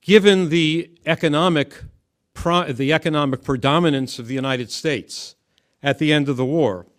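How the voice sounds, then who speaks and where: A man giving measured, emphatic political commentary, often restarting his phrases. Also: fairly high pitch.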